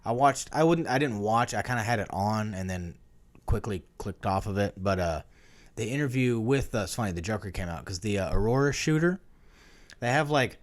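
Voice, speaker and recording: A man's voice: lowish voice, expressive, moderate pace. A man co-hosting a podcast in casual chat, rambling and swearing freely as he talks, laughing often. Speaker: podcast co-host.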